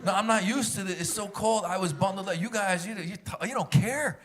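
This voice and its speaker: A man from the Middle East doing a stand-up comedy set on stage, animated and quick to slip into exaggerated voices. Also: sits high. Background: audience laughter.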